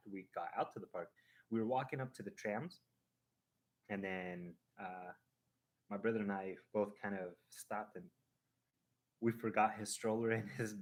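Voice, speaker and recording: Male stream host, lowish voice, casual rambling storyteller who acts things out. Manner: animated, acting out a ride with sound effects; rambling, with restarts and fillers.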